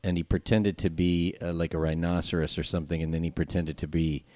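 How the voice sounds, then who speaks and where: Deep-voiced man rambling through a story. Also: little pitch movement, fairly quick, warm tone, dry recording. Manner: rambling storyteller, stop-start retelling. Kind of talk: casual chat.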